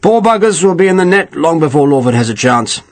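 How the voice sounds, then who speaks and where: A man's voice: a little high, expressive, fairly quick, no echo, voice pushed up. A man voicing an irascible, profane older Welsh general who blusters and scorns. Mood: furious.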